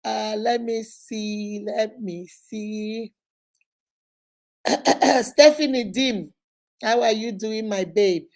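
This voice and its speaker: A middle-aged woman hosting a casual live chat, talking to viewers directly and with lively expression. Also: fairly high pitch, extremely slow, long pauses. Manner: animated, acts out quoted voices, warm direct address. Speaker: host of a live question-and-answer show.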